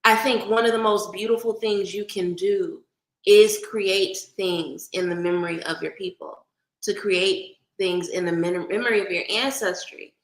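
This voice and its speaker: With a mid-range, steady voice at a moderate pace, a livestream host from Oakland, California chats casually and greets viewers by name. She has a light Bay Area accent, and the recording is roomy and low quality.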